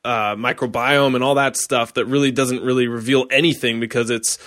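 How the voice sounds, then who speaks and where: A man's voice: mid-range voice, fairly even intonation, moderate pace, a bit bright. A man hosting a podcast, talking in a casual, conversational way with many fillers. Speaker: podcast host. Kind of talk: podcast interview.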